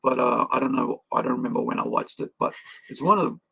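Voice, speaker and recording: A man's voice: medium pitch, expressive, fast talker, creaky, sharp tone, breathy edge. A man, hosting a live stream and chatting casually in a rambling way with lots of fillers. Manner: rambling, with many fillers and restarts. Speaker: stream host.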